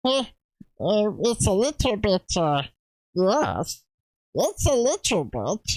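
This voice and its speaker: A man's voice: high-pitched, huge pitch swings, slow pace, darkish tone, dry recording, pitched above the performer's own voice, heavily acted. A man putting on a mischievous small alien creature's voice, made from the back of the throat. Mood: impish. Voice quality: throaty, raspy.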